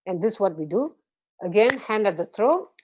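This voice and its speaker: A woman from Malaysia guiding a group through a gentle voice and breathing exercise, patient and encouraging. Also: medium pitch, animated, normal speed, slight background noise. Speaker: voice and meditation instructor. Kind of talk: guided voice exercise class.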